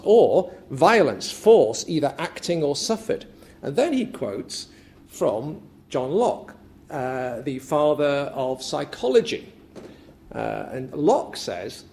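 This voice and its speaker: A man's voice: fairly high pitch, big pitch swings, unhurried, creaky, darkish tone, slight background noise. A man giving a conference paper, talking loosely with many fillers, repeats and restarts. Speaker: academic speaker. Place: lecture room at a symposium.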